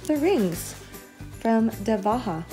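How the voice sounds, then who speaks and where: A woman's voice: on the high side, lively intonation, slow pace, warm tone, faint music behind. A young woman vlogging at home in a chatty, casual way, full of filler words. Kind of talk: casual vlog chat.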